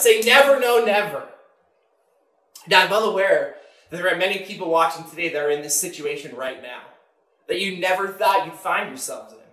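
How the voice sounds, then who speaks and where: A man in his thirties preaching a sermon as pastor, emphatic, swinging between loud mock-confident declarations and soft, low confessions. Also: echoey room.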